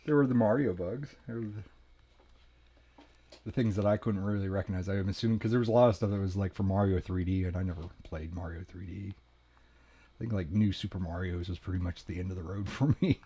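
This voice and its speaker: A man's voice: deep voice, brisk, warm tone, slightly rough. Rambling man chatting on a podcast. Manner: rambling, self-correcting, laughs often. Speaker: podcast host. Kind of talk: casual chat.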